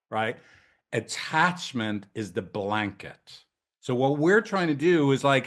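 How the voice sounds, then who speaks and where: A man's voice: medium pitch, expressive, takes it slowly. A male couples therapist talks trainees through his approach in a loose, casual way. He jokes, swears and drifts into tangents. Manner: loose, jokey, profane, tangents.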